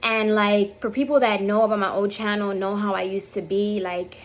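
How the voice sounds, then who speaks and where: A woman in her thirties records herself on a phone or camera in rough audio, her medium-pitched voice showing little pitch movement at normal speed. The talk is casual and heartfelt, rambling and full of fillers, and she is emotional, close to tears at moments.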